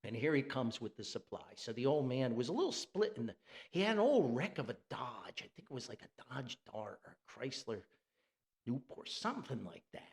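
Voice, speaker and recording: A man from New Jersey telling a funny story on a podcast, animated and chuckling, with rambling asides. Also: mid-range voice, normal speed. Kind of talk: humorous storytelling.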